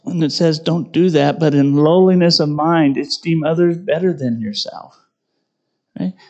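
A man's voice: fairly high pitch, unhurried, darkish tone, muffled recording. A middle-aged man preaching a conversational sermon, poking fun at himself and often asking "right?". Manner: conversational, self-deprecating, tags lines with "right?". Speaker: pastor.

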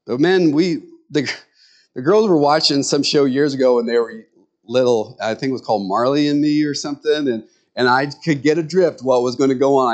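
A middle-aged man preaching a sermon in a folksy, conversational way, full of rambling asides, jumping up in pitch when he acts out what others say. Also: moderate pace, highs cut off. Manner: jumps to high pitch when acting out others' words. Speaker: pastor.

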